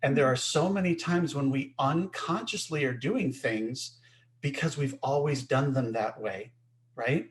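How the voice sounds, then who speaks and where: Man, webinar instructor, mid pitch, emphatic, explanatory, video call audio. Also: measured pace. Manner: explanatory, emphatic, checks in with "right?". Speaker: co-host teaching a webinar. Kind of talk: webinar teaching.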